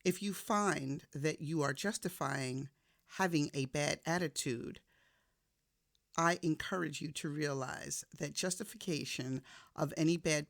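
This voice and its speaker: A woman giving a faith-based motivational talk in a casual, conversational way, shifting from soft reflection to emphatic storytelling. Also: deep voice, no echo, studio quality. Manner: casual, conversational, addresses listener directly. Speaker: motivational speaker.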